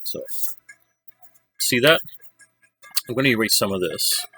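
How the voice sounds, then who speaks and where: Man, art teacher, bright tone, chatty steps, faint music behind. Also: lowish voice, expressive, a little slow, husky, low-quality recording. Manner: chatty step-by-step instructions. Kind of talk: casual drawing lesson to students.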